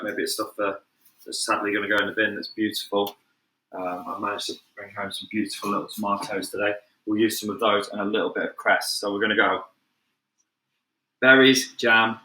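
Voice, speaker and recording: Mancunian male chef, casual live-stream patter, bright voice, roomy home-kitchen sound. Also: lowish voice. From England. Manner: chatty, upbeat, addresses viewers as "guys", moves around the kitchen.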